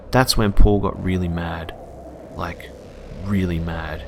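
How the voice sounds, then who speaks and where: A young Australian man narrating a scary true story for his channel in a steady, earnest manner. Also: sits low, slow, a little hiss or hum. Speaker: YouTube storyteller. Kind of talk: reading a scary story aloud.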